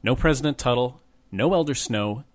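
Casting note: young man reading a first-person memoir, wry, measured, mid-pitched. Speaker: audiobook narrator.

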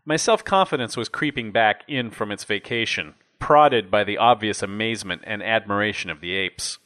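A young adult man narrating a first-person memoir in a wry, measured, plain-spoken way. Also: fairly low pitch, a bit bright. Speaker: audiobook narrator.

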